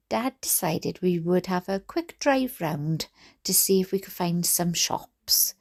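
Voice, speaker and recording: A woman's voice: lowish voice, gravelly, darkish tone. A Welsh woman reading a book aloud, breaking off into giggly, chatty asides. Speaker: reader.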